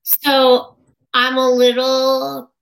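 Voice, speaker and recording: A woman's voice: high-pitched, completely flat delivery, very slow, creaky, fairly bright tone. A woman guest in an interview, chatting casually and acting out other people's lines as she tells stories. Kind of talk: casual personal storytelling.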